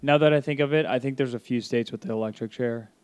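Casual co-host with a smooth, even voice. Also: mid-range voice. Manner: casual, quick reactions and asides. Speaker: podcast co-host. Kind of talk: casual true-crime chat.

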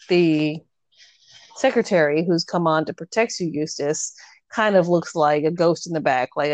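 A woman's voice: on the low side, a little mellow, no room sound. A woman in casual chat, animatedly retelling a novel's plot and acting out the characters' lines with filler words. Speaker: podcast co-host discussing a novel.

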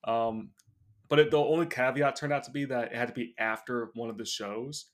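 A man's voice: mid-range voice, brisk. Laid-back male podcast co-host. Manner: laughing, storytelling with lots of fillers. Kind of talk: casual chat.

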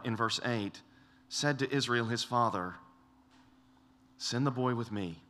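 A man's voice: medium pitch, sharp tone. A middle-aged man preaching a sermon, earnest and emphatic, often repeating words as he restarts and acting out quoted lines. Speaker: pastor.

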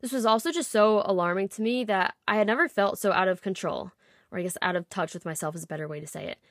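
A woman's voice: mid-range voice, quick pace, a bit bright, no echo, clean studio sound. A woman in her twenties hosting a podcast, telling a personal story in a candid, confessional way with light laughs. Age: 20s. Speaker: podcast host.

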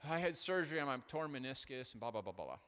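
A male pastor with a mid-range, smooth voice races through an animated sermon, bright and forceful, using self-deprecating humor. He stumbles over fillers and restarts as he tells stories, and a long reverb trails each phrase in the big hall.

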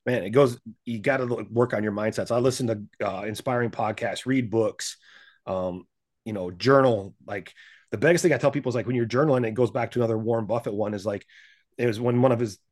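A man talking as a podcast guest in casual chat, lively and animated, acting out what other people say and laughing often. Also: mid-range voice, fairly quick. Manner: animated, acts out quoted voices, laughs often. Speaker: podcast guest, business and gym owner.

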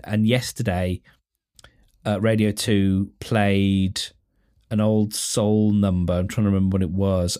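A man's voice: lowish voice, darkish tone. Rambling man, casual podcast. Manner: rambling, self-deprecating, restarts and fillers. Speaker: podcast host. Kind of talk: casual solo podcast chat.

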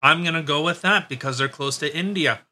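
A man's voice: a little high, a little fast, sharp tone. A man hosting a podcast, talking in a blunt, sarcastic, profane way in casual chat. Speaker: podcast host.

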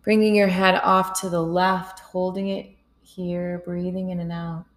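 A woman guiding a yoga and breathing session, calm and soft, counting breaths aloud. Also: lowish voice, unhurried, low-quality recording. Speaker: yoga instructor. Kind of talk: guided yoga and breathing instruction.

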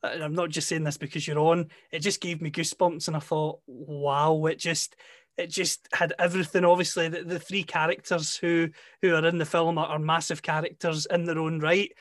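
A male interviewer asking a guest questions, halting and repeating words as he gets going. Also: on the high side, flat delivery, fairly bright tone, no echo, clean studio sound. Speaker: interviewer host.

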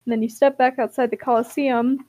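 A young woman hosting a podcast, recapping a story in an animated, giggly way. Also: a little high, brisk. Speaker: podcast host. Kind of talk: casual chat.

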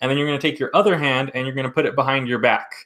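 A man acting as vocal coach, calmly guiding listeners step by step through a breathing exercise. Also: mid-range voice, racing. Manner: calm step-by-step instruction.

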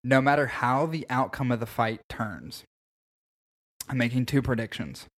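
A man co-hosting a casual podcast, talking about fights in an animated, opinionated way and swearing freely. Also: mid-range voice, moderate pace. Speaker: podcast co-host.

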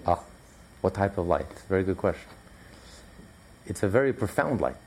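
Low gravelly male Torah teacher. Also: big pitch swings, normal speed, darkish tone, a little hiss or hum. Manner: emphatic, repetitive, conversational with fillers. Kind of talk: recorded Torah class.

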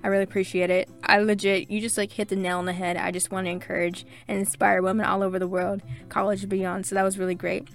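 Young adult woman, podcast host, warm-hearted gushing read of listener reviews, medium pitch, light music bed. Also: level tone, fast talker, few pauses. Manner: gushing, grateful, chatty with many fillers. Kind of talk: reading listener reviews aloud.

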